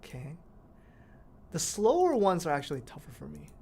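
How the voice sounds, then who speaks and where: A woman's voice: low voice, huge pitch swings, normal speed, warm tone, breathy edge. A woman streaming a mobile game, chatting casually to viewers and exclaiming at near misses. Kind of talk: casual live-stream commentary while playing.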